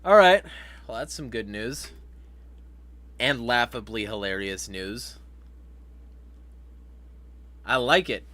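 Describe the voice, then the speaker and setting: A man's voice: medium pitch, expressive, takes it slowly, long pauses, a bit bright. Profane, laughing man hosting a livestream. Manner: profane, laughing, reads chat comments aloud. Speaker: vlog host. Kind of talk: casual livestream commentary.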